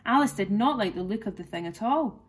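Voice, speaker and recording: A woman, a teacher, reading a children's classic aloud clearly and expressively. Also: mid-range voice, expressive, a little fast. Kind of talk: storybook read-aloud.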